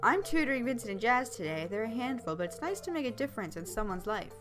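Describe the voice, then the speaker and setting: A woman quietly reading the lines of a kind, earnest young woman tutor from a game. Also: fairly high pitch, sing-song, fast talker, over music.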